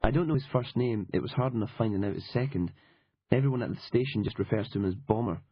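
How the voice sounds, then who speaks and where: A man with a husky voice voicing a sharp, sardonic Scottish woman journalist with a blunt, profane manner, in an audiobook. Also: fairly low pitch, fast talker. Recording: dull lo-fi audiobook recording.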